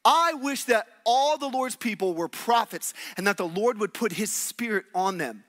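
A man voicing a weary older male leader who calmly and gently chides his young helper. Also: sits high, moderate pace, in a large hall. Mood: calming. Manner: calming, gently chiding.

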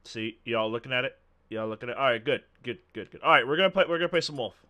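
A man hosting excited gameplay commentary, yelling and laughing at the plays. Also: medium pitch, very fast. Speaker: gaming channel host.

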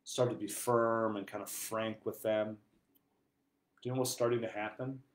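A priest giving an earnest sermon, moving between quiet, hushed passages and loud, emphatic ones. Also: male voice, lowish voice, flat delivery, moderate pace. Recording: echoey room.

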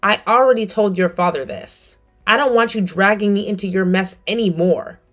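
A woman's voice: medium pitch, moderate pace, fairly bright tone, soft background music. A middle-aged woman narrating her story and speaking coldly and firmly to her family. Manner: cold, firm. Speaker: narrator and mother.

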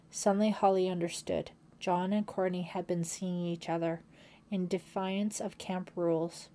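A woman narrating a thriller audiobook in a steady, suspenseful storytelling manner. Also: lowish voice, normal speed.

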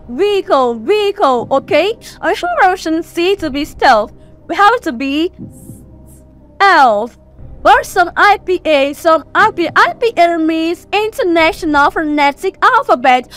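Slow, high-voiced Nigerian woman tutor. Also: fairly bright tone. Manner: slow, repeats each word for drilling. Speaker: English exam tutor. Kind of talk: exam prep lesson.

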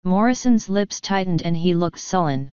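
A woman narrating an audiobook in a steady, even reading voice. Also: fairly low pitch, normal speed, clean tone, no echo, highs cut off.

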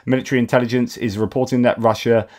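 A man's voice: medium pitch, little pitch movement, fast talker, darkish tone. A man with an English accent hosting a news update, reading from reports and commenting off the cuff, stumbling over names and filling gaps with "uh". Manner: hesitant, with frequent fillers and restarts over names. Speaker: host of a daily news update show.

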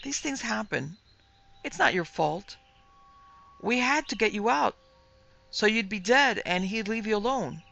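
A woman voicing a sweet, apologetic old witch woman in a dark storybook tale. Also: mid-range voice, expressive, a little slow, creaky, pauses often, pitched above the performer's own voice.

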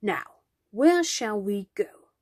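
A woman voicing a kindly male bronze lion in a picture-book reading, with a gentle, playful manner. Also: mid-range voice, lively intonation, slow pace, slightly rough, dry recording, studio quality.

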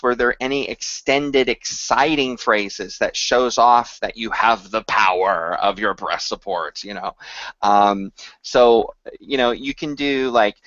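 A male voice coach talking to camera at an unhurried, deliberate pace. His voice is mid-pitched and close and dry, with no room around it. The recording is dull and a little lo-fi. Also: fairly bright tone, dry recording. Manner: explains slowly, sings short examples to demonstrate. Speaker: voice teacher. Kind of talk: instructional talk to camera.

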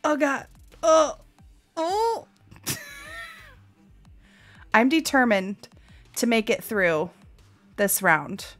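A woman's voice: on the high side, very animated, drawn-out words, long pauses, fairly bright tone, faint music behind. A woman in her thirties streaming a game live, chatting with viewers, laughing often and crying out while she plays.

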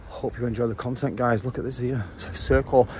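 Talking quickly with fairly even intonation, a man with a darkish, mid-range voice gives a casual walking vlog in blunt slang. He films on a handheld phone as he walks along a road, with traffic noise around him.

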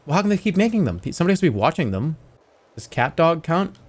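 Streaming casually, a man with a high voice talks very fast, bantering and playfully arguing with his chat in an animated way. Faint music plays underneath.

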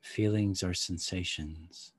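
Guy with a low husky voice leading a body-awareness meditation, slow and soft. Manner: slow, calm, soft-spoken instructions with long pauses. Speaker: somatic practice guide. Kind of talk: guided somatic meditation.

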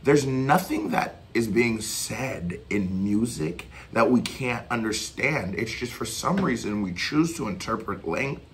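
A man hosting a reaction channel, giving casual commentary that swings from excited shouts and laughter to fast, loose explaining. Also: medium pitch, a little hiss or hum.

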